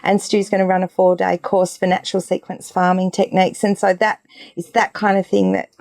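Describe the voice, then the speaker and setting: A woman's voice: mid-range voice, level tone, brisk, gravelly, darkish tone, dry recording. A woman with an Australian accent, a regenerative farmer and author, chatting casually as a guest and joking as she talks. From Tasmania, Australia. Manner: jokey, laughing often. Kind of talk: casual chat.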